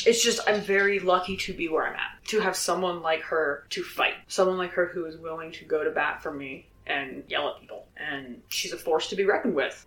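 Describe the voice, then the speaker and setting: A man's voice: on the high side, a bit bright. Earnest young man, echoey room. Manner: earnest, swears freely, laughs between thoughts. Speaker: soldier. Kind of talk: candid personal vlog. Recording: roomy echo.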